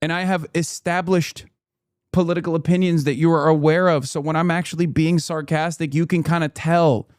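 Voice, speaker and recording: A man's voice: fairly high pitch, fairly even intonation, normal speed, darkish tone, clean tone, dry recording, studio quality. A man streaming live, reacting to a video and talking to chat with sarcastic, profane commentary.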